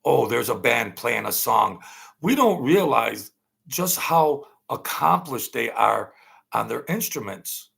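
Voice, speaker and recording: A man hosting his own channel, telling a long casual story in a rambling, halting way, full of fillers and restarts. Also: mid-range voice, creaky, a bit bright, slightly rough. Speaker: channel host telling stories.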